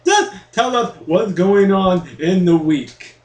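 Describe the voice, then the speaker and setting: A man's voice: sits high, expressive, slow pace. A man on a comedic podcast, playing dumb and pestering the host to explain himself. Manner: playfully obtuse, pestering. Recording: roomy echoey room.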